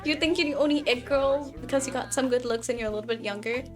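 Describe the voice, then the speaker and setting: A catty, boastful rich lady from a life-sim game, as a woman puts her on. She taunts with sass in a fairly high voice, and soft music plays underneath. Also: fast, natural voice. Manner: sassy, taunting.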